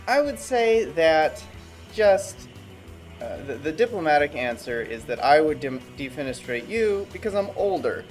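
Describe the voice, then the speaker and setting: Hesitant man with a lively voice. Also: on the high side, unhurried, soft background music. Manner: hesitant, self-deprecating, repeats words. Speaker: older brother, guest. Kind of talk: casual chat.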